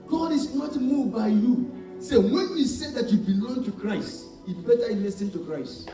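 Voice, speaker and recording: A male preacher delivering a sermon, shouting and calling out for responses from his congregation. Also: very high-pitched, lively intonation, moderate pace. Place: church hall. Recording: echoey church hall, mic far off, faint music.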